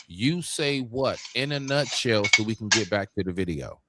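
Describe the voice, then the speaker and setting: A man's voice: lowish voice, expressive, moderate pace, few pauses, noisy background. A man hosting a casual chat, pushing his guests with what-if questions. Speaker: podcast host.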